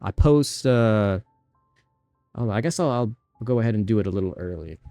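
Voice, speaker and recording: A man's voice: fairly low pitch, expressive, normal speed, mellow, no room sound, soft background music. A young man streaming a game, chatting casually and rambling between bits of game text he reads aloud. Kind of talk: casual gaming livestream chat.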